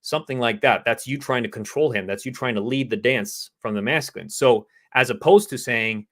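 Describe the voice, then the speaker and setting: A man's voice: medium pitch, brisk, few pauses. A man co-hosting a dating advice show, earnestly explaining relationship ideas and answering viewer questions. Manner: earnest, explanatory, quotes women's pleas in a softer voice. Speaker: dating coach co-host.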